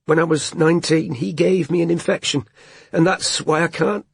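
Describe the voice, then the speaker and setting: A man's voice: medium pitch, animated, normal speed, slightly rough, no echo, clean studio sound. A man voicing a young woman detective who is tearful and shaken, with a strained, breaking voice. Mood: distraught.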